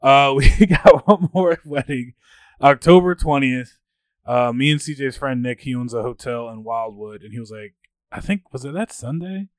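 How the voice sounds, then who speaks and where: A man's voice: mid-range voice, normal speed, no echo. A young man co-hosting a podcast, chatting casually and acting out what his friends said as he tells stories. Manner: animated storyteller, acts out quoted friends. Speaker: podcast co-host. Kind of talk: casual chat.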